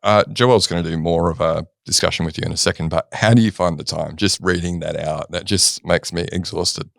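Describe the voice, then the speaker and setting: A man's voice: low-pitched, steady tone, brisk, gravelly, no echo, clean studio sound. A middle-aged Australian man hosting a podcast, joking and easygoing with plenty of fillers. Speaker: podcast host. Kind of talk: casual podcast chat.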